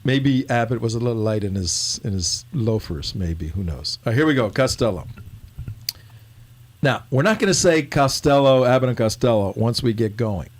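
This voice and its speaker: A man hosting a casual political talk show, joking and animated. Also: mid-range voice, moderate pace, a little hiss or hum. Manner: joking, animated, talks over co-host.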